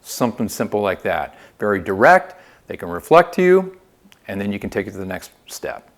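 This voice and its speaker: His voice on the low side and his delivery brisk, a man gives a phone sales training lesson. He coaches in an upbeat manner with lively inflection and frequent "okay?" check-ins.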